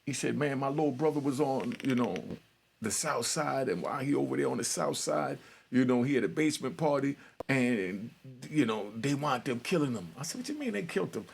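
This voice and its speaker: A man's voice: mid-range voice, expressive, brisk, gravelly, a little hiss or hum. A middle-aged man casually telling a street story in his own talk, acting out both sides of phone calls. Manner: street-talking, retells conversations with quoted voices. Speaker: storyteller host.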